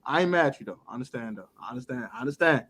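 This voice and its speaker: A man co-hosting a casual sports talk show, animated and laughing often as he acts out other people's words. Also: medium pitch, rapid-fire, breathy edge. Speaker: podcast co-host.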